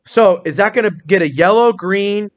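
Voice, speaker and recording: A man teaching a small-group phonics lesson in a classroom, asking questions, encouraging answers and spelling words out slowly. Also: sits high, highs cut off.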